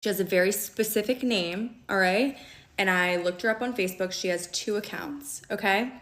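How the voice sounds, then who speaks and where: A young woman telling a story in a casual vlog, animated and fast, with constant "like" and "okay?" checks. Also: medium pitch, roomy sound. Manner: animated, fast and conversational, heavy use of "like" and "okay?". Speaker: storyteller recounting a relationship.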